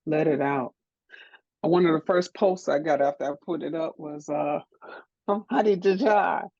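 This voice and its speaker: A middle-aged woman from Detroit speaks frankly and emphatically. Her voice has a gravelly edge and sits at a mid pitch. The sound is dry and somewhat dull. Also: moderate pace, darkish tone, no echo. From Detroit, USA. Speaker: DJ and producer, interview guest. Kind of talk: candid interview answers.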